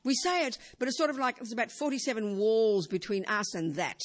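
A woman's voice: on the high side, lively intonation, a little fast. Older woman giving a conversational Buddhist talk. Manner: conversational, frequent "you know" and rhetorical questions. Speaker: Buddhist teacher. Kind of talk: informal dharma talk.

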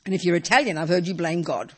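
A woman's voice: lowish voice, quick pace, slightly rough. Emphatic woman giving a dharma talk. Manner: emphatic, lively, asks rhetorical tag questions; frequent "you know" asides. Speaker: Buddhist teacher.

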